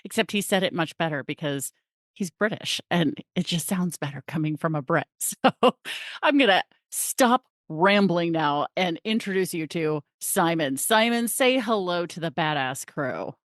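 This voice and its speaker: A woman's voice: fairly low pitch, animated, unhurried, dry recording, studio quality. A woman hosting a podcast, bubbly and gushing as she introduces her guest, laughing often. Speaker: podcast host. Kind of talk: casual interview chat.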